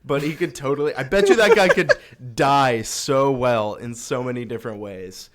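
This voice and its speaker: A man's voice: medium pitch, normal speed, fairly bright tone. A young man as a podcast guest in casual chat, rambling and laughing often.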